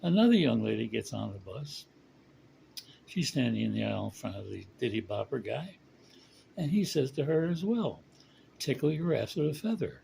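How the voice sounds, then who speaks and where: A man casually telling a long joke, rambling with fillers and slowing down for punchlines. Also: mid-range voice, sing-song, vocal fry, dark tone, slight background noise, poor audio. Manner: rambling, chuckling, slows for punchlines. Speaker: storyteller.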